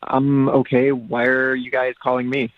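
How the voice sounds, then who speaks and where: A man's voice: medium pitch, little pitch movement, moderate pace. A young man on the phone to a radio show, hesitant and full of ums. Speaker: caller on the phone. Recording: dull phone line.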